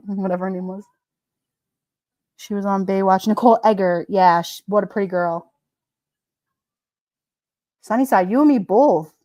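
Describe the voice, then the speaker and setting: A woman's voice: mid-range voice, normal speed, long pauses, dark tone, no echo. A woman hosting a live stream, chatting casually and rambling with her viewers, often giggling.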